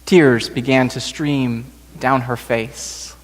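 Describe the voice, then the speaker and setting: A male pastor slowly telling a story during a sermon in a church sanctuary. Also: mid-range voice, fairly even intonation, long reverb tail. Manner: slow, gentle storytelling.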